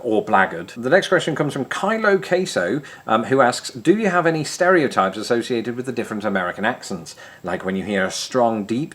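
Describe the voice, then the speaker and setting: A man with an English accent from Grimsby, with some American R sounds, chatting wryly to camera as he answers viewer questions. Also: medium pitch. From England. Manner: chatty and wry, self-deprecating jokes. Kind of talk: casual chat to camera.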